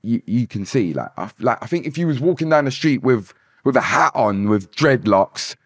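A man, a musician guest on a podcast, talking in a relaxed, rambling way and often repeating words. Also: mid-range voice, moderate pace, husky, dry recording, studio quality. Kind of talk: casual podcast interview.

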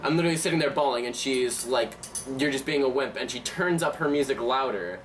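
A teenage boy spinning animated stories in casual talk, swearing freely and talking over others to hold the floor. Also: mid-range voice, brisk, lightly acted. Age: teens. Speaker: teenager in a group. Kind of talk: casual improvised conversation. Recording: distant mic with steady ambient noise.

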